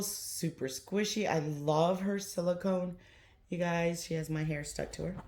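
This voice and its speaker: A woman with a Southern US accent, chatting casually in a vlog from her home doll nursery and telling a story with animated energy. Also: low voice, roomy sound. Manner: chatty, animated, keeps saying "you guys". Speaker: reborn doll collector vlogger.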